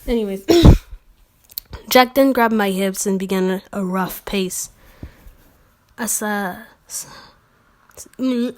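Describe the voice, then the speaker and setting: A woman's voice: medium pitch, slow pace, long pauses, a little mellow. Sarcastic woman reading fan fiction aloud. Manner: sarcastic asides, slips and self-corrections. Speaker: channel host.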